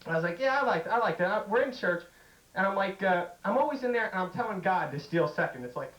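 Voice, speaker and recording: A man's voice: high voice, lively intonation, fast talker, a bit bright, echoey room, highs cut off. A man doing a stand-up comedy routine, telling jokey stories and acting out bits in raised voices. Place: comedy stage.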